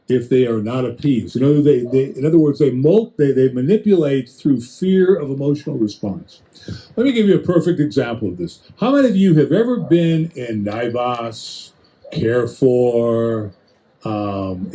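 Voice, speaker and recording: A man preaching in a conversational Bible-teaching style, addressing listeners directly with quick restarts and acted-out asides. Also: mid-range voice, warm tone, rough recording.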